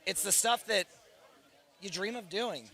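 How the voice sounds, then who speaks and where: Hoarse young male race winner, slightly high, bright, emotional and excited. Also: a little slow. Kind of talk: casual chat.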